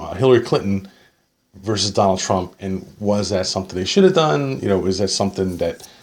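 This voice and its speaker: A man reading an article aloud and arguing with it point by point, sarcastic, often tagging his points with "okay?". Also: fairly low pitch. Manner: sarcastic asides. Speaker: political commentator.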